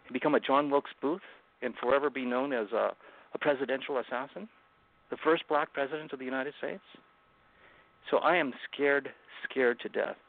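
A man, a guest author, earnestly retelling a personal story in an interview, halting and restarting often. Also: medium pitch, vocal fry. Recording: phone-like remote call line.

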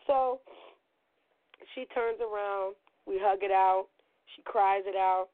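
A middle-aged woman hosting a podcast, telling a story in a loud, profane, animated way and acting out the quotes, her voice a little gravelly as it recovers. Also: mid-range voice, takes it slowly, pauses often, no room sound. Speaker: podcast host. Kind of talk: storytelling monologue. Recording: tinny phone-like line.

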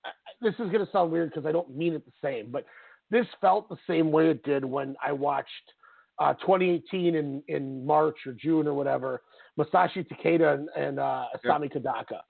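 Gravelly man chatting over a tinny line. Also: fairly high pitch, moderate pace, dry recording. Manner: enthusiastic, animated storytelling with acted-out quotes. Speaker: podcast co-host. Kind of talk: casual wrestling podcast chat. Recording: tinny phone-like audio, dry.

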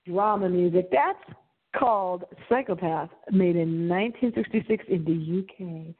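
A woman hosting a late-night radio show, chatting about movies in an animated, dramatic way. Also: lowish voice, a little slow, breathy edge. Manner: animated, dramatic, gasping and singing for effect. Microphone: phone held to the computer. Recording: tinny phone-like line.

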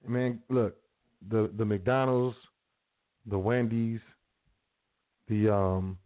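A man's voice: on the low side, fairly even intonation, very slow. A man hosting a show, talking in a rambling, slangy, casual advice monologue. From South Side of Chicago. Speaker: host. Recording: phone-like narrow sound.

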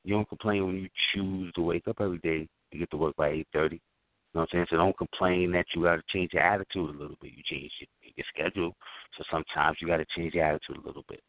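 Brief: very low male voice, middle-aged co-host, loose and profane, dry tinny line. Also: steady tone, quick pace, no room sound. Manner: loose, profane, talks in slang with many fillers. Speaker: podcast co-host. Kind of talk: casual chat. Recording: dry, phone-like lo-fi sound.

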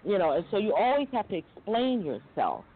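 A middle-aged woman from Long Island talks as a guest on a chat show. She is candid and animated and slips into high voices when she quotes people. Her pitch swings wide, and the audio is tinny, like a phone call. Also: brisk, slightly rough. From Long Island, New York. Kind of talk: casual interview storytelling.

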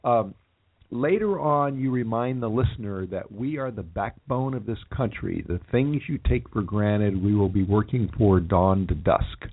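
Low husky guy hosting a radio chat, phone-line tinny, stops and starts a lot. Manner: halting, many uhs and restarts. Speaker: radio host. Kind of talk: radio interview.

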